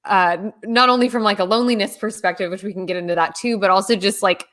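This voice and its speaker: A young adult woman hosting a live-stream chat, talking casually with lots of "like" fillers and warm agreement. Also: medium pitch, fast talker. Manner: chatty, many "like" fillers, warmly agreeing. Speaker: host.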